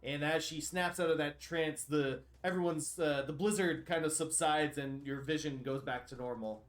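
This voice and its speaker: A man acting as game master, narrating a tabletop game in a relaxed way and laughing off his own mistakes. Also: fairly high pitch, moderate pace.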